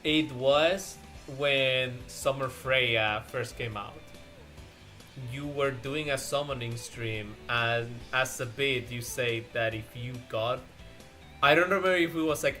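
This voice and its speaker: A man's voice: mid-range voice, a little slow, pushed and bright, faint music behind. Giggly rambling male streamer. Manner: laughs often, rambling with many restarts and fillers. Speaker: streamer host. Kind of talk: casual chat on an art stream.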